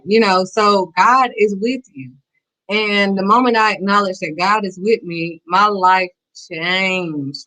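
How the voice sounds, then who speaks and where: A woman's voice: medium pitch, fairly bright tone, poor audio. A woman hosting a faith-based talk show, giving blunt, emphatic, preachy advice. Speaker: host.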